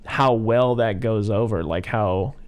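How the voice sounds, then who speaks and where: A man's voice: lowish voice, takes it slowly, darkish tone, smooth. A young man co-hosting a podcast, recapping a film in rambling casual chat, full of "like" and "you know". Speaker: podcast co-host.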